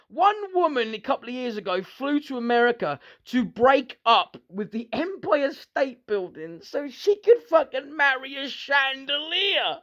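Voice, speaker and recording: A man's voice: very high voice, creaky, pushed and bright, lo-fi sound. A British man delivering an angry, sarcastic, profanity-filled rant to his viewers. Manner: sweary, sarcastic, heated. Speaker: vlogger.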